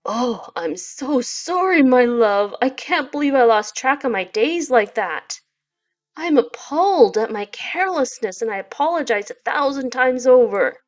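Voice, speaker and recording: A woman voicing a polite, doting stone monster man in a game read-through, with a put-on gravelly, formal way of talking. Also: lowish voice, voice pushed down. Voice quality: attempted gravelly stony voice. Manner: formal old-fashioned phrasing, apologetic.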